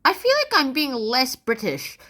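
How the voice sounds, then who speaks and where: A woman voicing a fed-up adult pilgrim settler who complains loudly and dramatically. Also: high-pitched, huge pitch swings, moderate pace, exaggerated voice. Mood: whiny complaining. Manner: exasperated, loud complaining.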